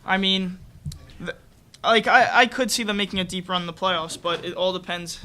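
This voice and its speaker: A man's voice: sits high, flat delivery, normal speed, sharp tone. A young man co-hosting a casual football podcast, giving rambling, hedged opinions. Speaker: podcast co-host. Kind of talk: casual sports podcast chat.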